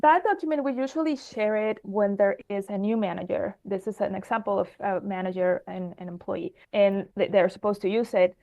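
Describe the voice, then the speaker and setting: A woman, speaking as an HR expert on an interview show. She talks in an expressive way, the kind of speaker who gestures with her hands as she explains. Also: mid-range voice, fairly quick, gravelly, few pauses. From Mexico. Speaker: HR expert guest. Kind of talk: conversational interview answers.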